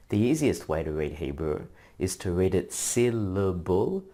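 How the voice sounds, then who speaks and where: A man narrates a language lesson from a script, spelling out sounds in a measured teaching cadence. His voice sits low and mellow. He speaks very slowly and deliberately. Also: very animated. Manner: slow, measured, drawn-out syllable drills.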